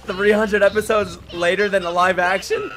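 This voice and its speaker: A man doing excited reaction commentary on an anime, swearing, laughing and shouting exclamations. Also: sits high, moderate pace. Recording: music playing behind voice. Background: anime audio and music.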